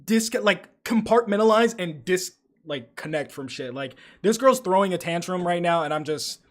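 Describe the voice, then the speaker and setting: A man's voice: high-pitched, moderate pace. A young man hosting a live stream, chatting casually, swearing freely and telling stories with animation while reading out chat. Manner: profane, animated storytelling, reads chat aloud. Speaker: livestream host.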